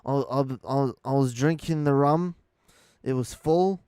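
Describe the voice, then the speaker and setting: A man doing an impression of a drunken pirate captain, with a slurred British put-on accent, ranting loudly with swearing about missing rum. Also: mid-range voice, measured pace, smooth, no echo, studio quality, close to an everyday voice. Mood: outraged. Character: drunken male pirate captain, swaggering and indignant.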